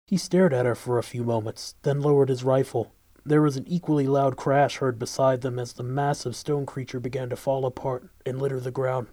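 A man reading an action fantasy story aloud as narrator, in a steady, even delivery. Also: medium pitch, dry recording. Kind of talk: audiobook narration.

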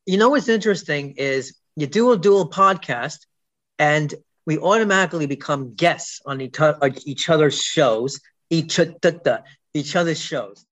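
A man's voice: a little high, moderate pace, a bit bright. A man in a casual podcast chat, joking and self-deprecating.

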